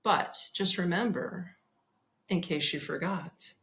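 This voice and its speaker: A woman hosting a podcast, telling a comic travel story in an animated, profane way and laughing as she goes. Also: lowish voice, slow pace, creaky. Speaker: podcast host.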